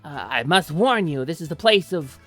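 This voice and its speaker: Woman doing a grandiose ratfolk guard for a tabletop game, loud, slow proclamations, lively pitch. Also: faint music behind. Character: pompous dramatic ratfolk guard, male. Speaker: game master voicing character.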